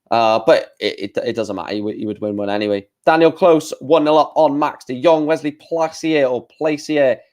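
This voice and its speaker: A man with a medium-pitched voice hosts a casual live stream, reading out darts results and responding to chat. He thinks aloud as he goes, with lots of filler words.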